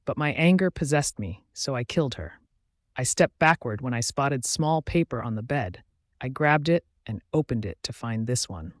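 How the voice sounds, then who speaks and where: A man's voice: mid-range voice, animated, normal speed, no echo, studio quality. A man narrating a first-person audiobook in a dramatic, intense storytelling manner.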